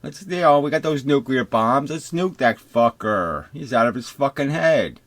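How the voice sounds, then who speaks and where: A man's voice: mid-range voice, animated, moderate pace, no room sound. An older man ranting on camera in an unscripted, profane, mocking monologue, often slipping into sarcastic imitations of others. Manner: mimics others in put-on voices. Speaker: video commentator.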